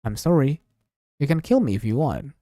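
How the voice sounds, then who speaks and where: Reading a visual novel's text aloud on his stream, a man takes each line slowly and dramatically, voicing several characters. His pitch swings widely between narration and dialogue, and his tone is soft and mellow. The recording is close and dry.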